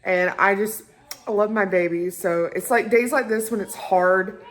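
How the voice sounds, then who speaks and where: A woman's voice: mid-range voice, moderate pace. A young woman, chatting and rambling casually to her phone camera at home as a mother and vlogger. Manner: chatty, rambling, warm toward viewers. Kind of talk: casual vlog chat to camera. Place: at home indoors. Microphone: handheld phone camera.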